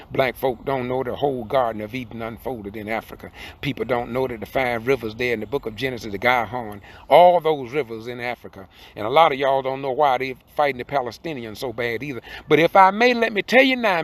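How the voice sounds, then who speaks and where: A man, delivering an impassioned, preacherly monologue from a car. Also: medium pitch. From southern Georgia, USA. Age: 60s. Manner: fiery, preacherly, repeats points, rises to emphatic peaks. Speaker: independent video commentator. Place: in a car while driving.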